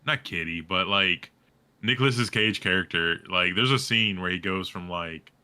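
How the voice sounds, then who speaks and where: Deep, bright-toned male podcast co-host. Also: moderate pace, clean tone. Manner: relaxed, hedging, filler-heavy. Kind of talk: casual movie review chat.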